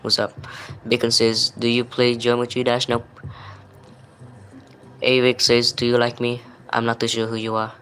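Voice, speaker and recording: A man's voice: medium pitch, monotone, normal speed, long pauses, a bit bright, a little hiss or hum, low-quality recording. A man from Malaysia, hosting a livestream and reading viewers' chat messages aloud in a plain, apologetic way. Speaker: livestream host.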